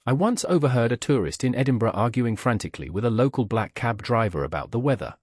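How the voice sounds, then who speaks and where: A man's voice: mid-range voice, lively intonation, fast, dry recording, clean studio sound. A man narrating scripted anecdotes in a wry storytelling manner.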